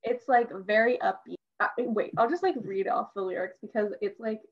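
A young woman co-hosting a podcast, chatting excitedly as a fan, laughing and filling her talk with "like". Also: mid-range voice, normal speed. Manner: excitable, laughing, heavy use of "like". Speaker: podcast co-host. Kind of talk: casual fan chat. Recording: dull lo-fi sound.

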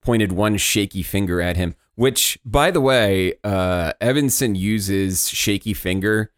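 Low, lively-voiced man in a dry room. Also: slow, smooth, no echo. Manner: hesitant, filler-heavy, dry jokes. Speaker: podcast co-host. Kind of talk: casual book discussion.

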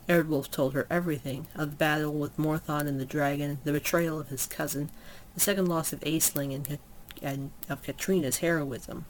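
A storyteller reading a fantasy story aloud at an unhurried pace, with occasional small slips and self-corrections. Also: mid-range voice, steady tone, slight background noise, poor audio.

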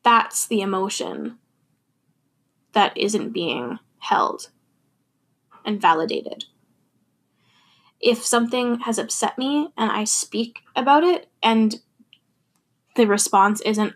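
A woman's voice: a little high, animated, takes it slowly, pauses often. A young adult woman talking candidly and thoughtfully about her feelings in a personal monologue, laughing now and then.

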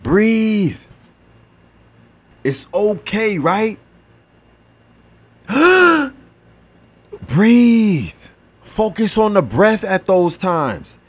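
Slow breathy man coaching breathing. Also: high-pitched, big pitch swings, darkish tone. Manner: slow, encouraging, repeats phrases. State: gasping for air at times. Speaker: podcast host. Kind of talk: motivational talk with breathing exercise.

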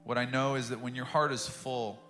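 A man's voice: mid-range voice, flat delivery, fairly quick, a bit bright, roomy sound, soft background music. A man preaching a sermon as pastor, telling a story with passion and acting out the quotes.

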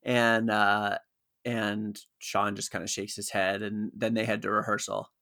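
A man's voice: lowish voice, level tone, unhurried, bright, forceful tone. Easygoing man recapping a show. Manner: easygoing storyteller, with some filler "uh"s. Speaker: podcast co-host. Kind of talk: casual episode recap chat.

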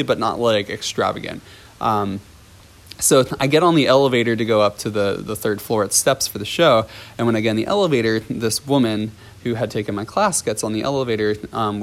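A man at an everyday middle pitch tells a story on his podcast. He rambles casually, restarts sentences and chuckles as he goes. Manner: rambling, many fillers and restarts, chuckling often. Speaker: podcast host and ballet teacher.

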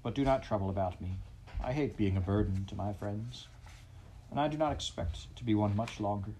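A man's voice: on the low side, normal speed, warm tone, slight background noise, lightly acted. A man voicing a sulking male toad who murmurs weakly and languidly, full of self-pity. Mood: feeble self-pity.

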